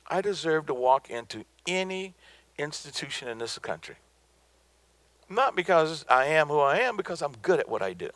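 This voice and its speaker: A man's voice: fairly high pitch, big pitch swings, normal speed, a bit bright, no room sound. A middle-aged man from the American South giving a motivational business talk, emphatic and preacherly, repeating his points for effect. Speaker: business speaker.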